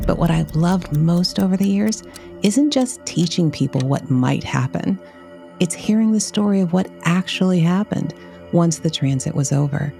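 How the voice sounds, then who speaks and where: A woman with a low, gravelly voice hosts an astrology interview podcast. She delivers a scripted intro over faint background music, then greets her guest in a chatty way.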